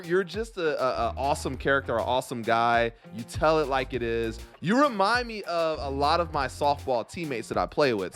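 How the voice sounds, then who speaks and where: A man hosting a podcast, chatting casually and rambling as he searches his memory. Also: a little high. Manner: relaxed, rambling, trails off searching for names. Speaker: podcast host. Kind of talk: casual chat.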